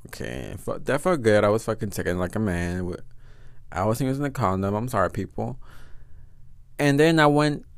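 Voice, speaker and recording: A man's voice: mid-range voice, dry recording, clean studio sound. A young man telling a story on his podcast, rambling and swearing a lot, slipping into phrases. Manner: profane, rambling, switches into Spanish phrases. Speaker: podcast host. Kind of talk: casual storytelling monologue.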